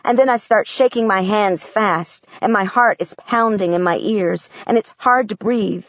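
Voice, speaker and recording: A woman's voice: mid-range voice, normal speed, no echo, dull audio. A woman reading a first-person audiobook in a plain, matter-of-fact storytelling voice. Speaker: audiobook narrator.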